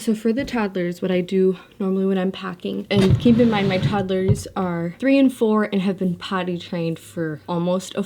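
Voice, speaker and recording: Breathless chatty mom packing bags. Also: female voice, mid-range voice, a little mellow. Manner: chatty, lots of "like" fillers. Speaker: mom vlogger. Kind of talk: casual chat while packing. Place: home, indoors.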